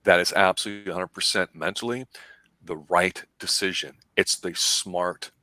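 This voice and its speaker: A man's voice: deep voice, moderate pace, no room sound. A middle-aged man hosting a movie show, chatting casually and at length about a film and acting out its lines. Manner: rambling, animated, acts out film lines.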